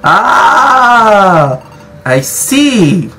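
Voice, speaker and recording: A man's voice: high voice, very animated, very slow, creaky, pushed and bright, faint music behind. A man hosting a gaming channel, giving jokey, profane let's-play commentary and scolding the game's characters.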